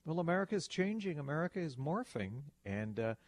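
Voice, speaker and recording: A man's voice: a little high, big pitch swings, brisk, no echo. A man co-hosting a talk show, reading news items and adding wry comments.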